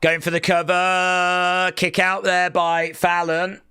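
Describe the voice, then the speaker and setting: A man giving excitable, jokey play-by-play on a live wrestling watch-along and reading viewer comments aloud. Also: high-pitched, slow pace, clear, resonant tone, no echo, clean studio sound.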